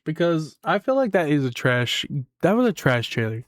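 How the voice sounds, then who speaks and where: A young man reacting to videos in a casual, rambling way, his pitch swinging up and down as he gets hyped. He swears freely and fills his talk with "like." His voice sits a little higher than most men's and sounds dry and close to the mic. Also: normal speed, dry recording. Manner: excitable, swears, rambles with lots of "like". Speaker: gaming YouTuber.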